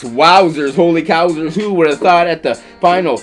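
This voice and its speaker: A man commentating a chess game as comedy, stuffing his lines with rhyming nonsense words and silly squeaky exclamations. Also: steady tone, fairly quick, hardly any pauses, faint music behind.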